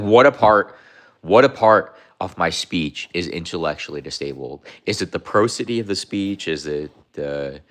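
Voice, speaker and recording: A man's voice: low-pitched, a bit bright. A young man hosting a casual livestream, rambling and repeating himself as he talks to chat, sometimes mocking viewers. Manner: mocking, confrontational toward viewers. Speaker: livestream host.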